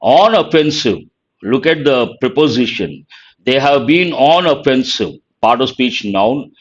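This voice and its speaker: Indian english guy teaching vocab, slow deliberate explaining, bit muffled lo-fi sound. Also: medium pitch, lively intonation. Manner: deliberate, explanatory, repeats key words. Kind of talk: vocabulary lesson.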